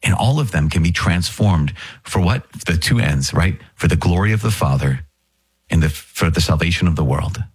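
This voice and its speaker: A man's voice: sits low, lively intonation, normal speed, husky, no echo. A man, a Catholic priest, giving an earnest, plain-spoken podcast reflection with sudden exclamations.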